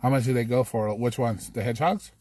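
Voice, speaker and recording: A man's voice: medium pitch, fairly even intonation, fairly quick, warm tone. Foul-mouthed man telling a story. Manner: heavy swearing, rambling. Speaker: livestream host. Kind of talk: casual storytelling.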